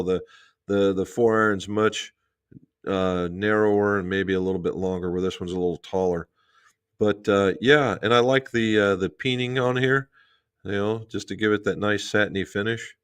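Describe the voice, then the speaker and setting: A man hosting a casual golf livestream. He tells folksy stories from his club-fitting shop and answers viewers' questions in a relaxed, chatty way. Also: on the low side.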